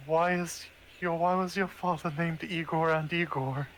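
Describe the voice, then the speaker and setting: A man's voice: fairly high pitch, steady tone, a little slow, a bit bright, slight background noise. Curious male player, lightish voice, faint ambience. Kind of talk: casual chat at a game table.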